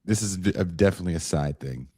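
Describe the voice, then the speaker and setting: A man hosting a podcast in casual chat, excitable and profane, often laughing as he talks. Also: low-pitched, fast talker, no echo, clean studio sound. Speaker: podcast host.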